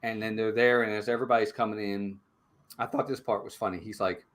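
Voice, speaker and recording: A man co-hosting a casual live-stream movie review, retelling scenes in an animated way. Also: lowish voice, fast talker.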